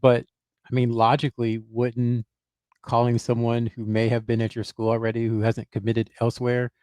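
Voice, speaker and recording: A man's voice: medium pitch, completely flat delivery, moderate pace, a little mellow, no echo. A man on a podcast, a basketball reporter who hedges and thinks aloud with lots of fillers and restarts. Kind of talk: casual podcast chat.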